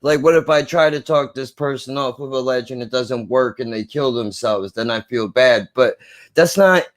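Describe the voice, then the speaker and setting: A man's voice: medium pitch, moderate pace. A man co-hosting a casual film review, talking in an earnest, impassioned way and swearing for emphasis.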